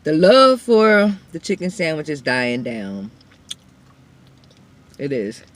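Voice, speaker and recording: A woman's voice: sits low, big pitch swings, slow pace, a little hiss or hum. A woman hosting an eating show, chatting casually and directly to her viewers between bites. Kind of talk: casual mukbang chat to viewers.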